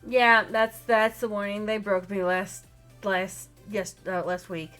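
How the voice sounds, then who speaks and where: A woman running a tabletop role-play game, chatting casually with players and viewers, full of fillers and quick apologies. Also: medium pitch, fairly even intonation, a bit bright, faint music behind. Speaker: storyteller, game master.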